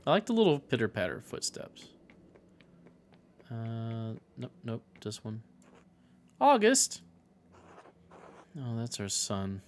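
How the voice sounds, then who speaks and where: A man talks through a story game in a loose, conversational way, with the odd joke. His voice sits at a middle pitch and he stays close to the microphone. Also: expressive, a little slow, a little mellow, slight background noise. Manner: chatty, jokes about singing karaoke. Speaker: let's play commentator. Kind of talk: casual gameplay commentary.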